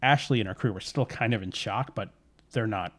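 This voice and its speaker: A man's voice: fairly low pitch, slightly rough. A man casually retelling a spooky story, slipping into the characters' lines as he goes. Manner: relaxed, voices characters' lines in quick asides.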